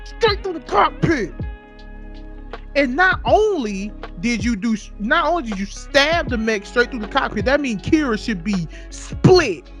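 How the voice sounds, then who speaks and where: Profane, heated podcast ranter. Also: male voice, very high voice, big pitch swings, moderate pace, hardly any pauses, fairly bright tone, faint music behind. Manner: heated, profane, repetitive ranting. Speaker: podcast co-host. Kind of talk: casual podcast rant.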